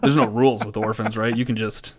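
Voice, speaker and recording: A man co-hosting a podcast in casual movie-review chat, making wry jokes in a steady way. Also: fairly low pitch, fairly quick, background noise. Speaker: podcast co-host.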